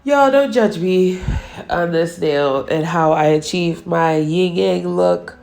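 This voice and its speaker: A woman's voice: lowish voice, slow, vocal fry, a little mellow, soft background music. Chatty woman narrating a nail tutorial. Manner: chatty and self-teasing, laughs at her own mistakes. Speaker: nail artist. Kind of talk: casual tutorial voice-over.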